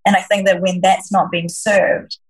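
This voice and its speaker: A woman's voice: medium pitch, flat delivery, moderate pace, slightly rough, low-quality recording. A woman who works as a leadership coach, answering interview questions in an earnest, reflective way, often restarting her sentences. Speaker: leadership coach, podcast guest.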